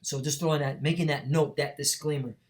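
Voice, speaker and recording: A man's voice: a little high, steady tone, a little fast. A man teaching from the Bible in an emphatic, preachy way, reading verses aloud and checking in with the listener as he goes. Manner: emphatic, repeats "all right?" and "man". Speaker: street preacher.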